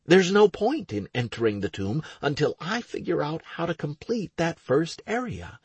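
A man puts on a young woman raid leader, tense and frustrated, in a clipped, worried, husky voice pitched well above his own. The delivery swings widely in pitch, and the recording is dry and close. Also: very animated, normal speed, no room sound, heavily acted. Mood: annoyed.

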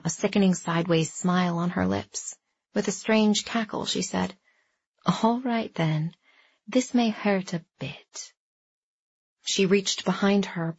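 This is scripted narration by a woman reading an audiobook, her lowish voice husky and dry. It's a lo-fi recording that sounds dry and a bit dull.

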